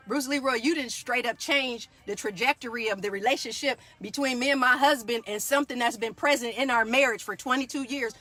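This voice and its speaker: A woman's voice: fairly high pitch, bright, forceful tone. A woman in her forties, a yoga teacher, giving a fired-up motivational talk and keeping on asking her listeners if they hear her. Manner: fired-up, preachy, keeps asking "do y'all hear me".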